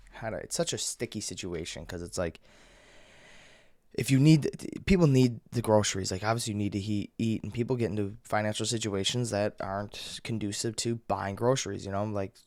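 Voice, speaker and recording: A young man telling a story as a vlogger, profane and animated, acting out people yelling. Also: on the low side, dry recording, studio quality. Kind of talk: casual storytelling rant.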